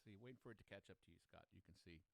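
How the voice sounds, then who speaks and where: A man's voice: deep voice, very fast, vocal fry, no echo. Man hosting a casual livestream. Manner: chatty, talks to himself while fiddling with settings. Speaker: host.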